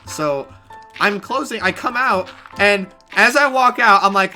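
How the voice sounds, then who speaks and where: A man chats through a story on a live stream, his pitch swinging widely as he swears and backtracks. His voice is bright and forward. Soft game music plays underneath. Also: unhurried. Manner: animated, swears freely, restarts mid-sentence. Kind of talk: casual storytelling while gaming.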